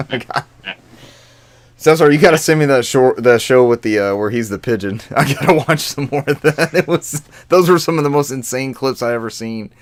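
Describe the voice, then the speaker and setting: A man's voice: mid-range voice, moderate pace. Male podcast host, casual, giggly, wisecracking banter. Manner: laughs often, loose and joking. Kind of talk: casual chat.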